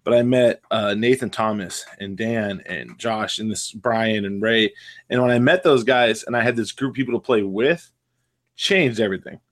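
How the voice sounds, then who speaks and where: A man hosting a casual gaming podcast, telling stories in an animated way and laughing often. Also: on the low side, normal speed. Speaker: podcast host, coach.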